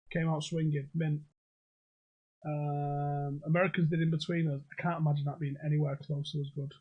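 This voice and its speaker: This is casual livestream banter from a young man running a pub quiz stream at home. His voice is fairly high and a bit bright as he jokes, swears, and reads comments into a desk mic.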